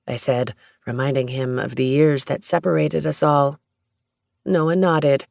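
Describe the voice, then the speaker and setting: An audiobook narrator reading a first-person romance story in a steady, even storytelling manner. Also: mid-range voice, unhurried, vocal fry, no echo, clean studio sound.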